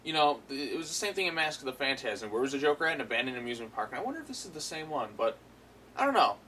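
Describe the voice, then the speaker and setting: Bright-voiced man rambling casually. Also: medium pitch, sing-song, very fast, a little hiss or hum, rough recording. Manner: rambling, filler-heavy, amused. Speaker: episode reviewer. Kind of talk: casual spoken review.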